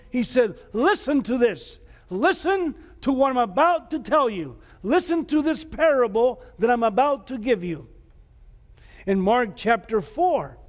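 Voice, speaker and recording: In a church sanctuary, a pastor preaches emphatically, firing repeated rhetorical questions at the congregation. His voice sits high and is a little mellow, and church hall reverb colors the recording.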